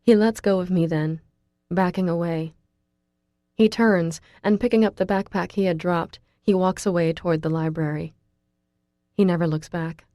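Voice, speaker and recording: A woman narrates a first-person novel in a low, dark, mellow voice. She leans pleading and emotional in the heroine's lines. The recording is dry and close, from a studio booth. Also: dry recording. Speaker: audiobook narrator.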